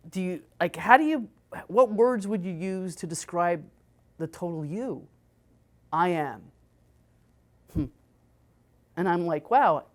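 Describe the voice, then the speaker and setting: Woman, 50s, Catholic sister hosting a podcast; low-ish voice, casual storytelling delivery, informal restarts. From United States. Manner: storytelling, conversational, with restarts and animated quoting. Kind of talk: casual spoken reflection.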